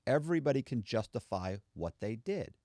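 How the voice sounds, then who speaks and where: A man's voice: medium pitch, big pitch swings, normal speed, mellow, no echo, clean studio sound. A man, a former con man, talking candidly in a casual podcast conversation and acting out quoted voices.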